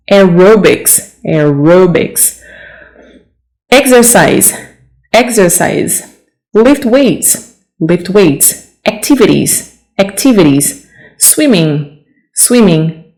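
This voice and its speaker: Woman, English teacher, slow measured delivery, lowish voice, repeats words for practice. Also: gravelly, a little mellow, low-quality recording. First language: Portuguese. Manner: repeats each word twice, careful pronunciation drilling; corrective, checks in with "okay?". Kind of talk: vocabulary pronunciation lesson.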